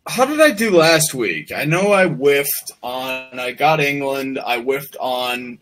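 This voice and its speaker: A man of middling pitch makes blunt wisecracks in casual sports talk. A faint hiss of noise sits under his voice. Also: animated, takes it slowly, fairly bright tone. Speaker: co-host.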